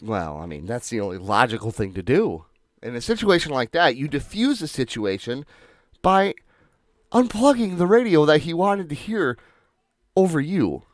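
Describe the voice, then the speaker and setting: A man's voice: a little high, very animated, moderate pace, no room sound, studio quality. A man co-hosting a casual podcast, adding sarcastic jokes to his co-host's story. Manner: sarcastic, joking interjections. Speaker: podcast co-host.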